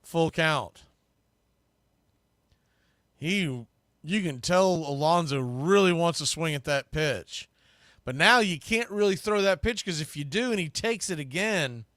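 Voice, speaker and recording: Dry, fairly high-voiced baseball announcer man. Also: animated, measured pace, pauses often, no echo. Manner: conversational, analytical, bursts louder on big pitches. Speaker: play-by-play announcer. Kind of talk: baseball play-by-play commentary.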